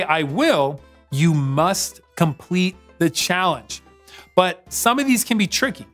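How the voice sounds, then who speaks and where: Guy running a kids' church quiz game, bouncy lively voice, light music underneath. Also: on the high side. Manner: playful, teasing quizmaster. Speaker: children's church game host.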